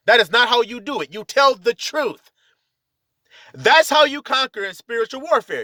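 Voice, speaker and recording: Fiery high-voiced man preaching a profane rant. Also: no room sound, studio quality. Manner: preachy, confrontational, profane, with sudden loud shouts. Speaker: religious video commentator. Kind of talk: heated spiritual rant.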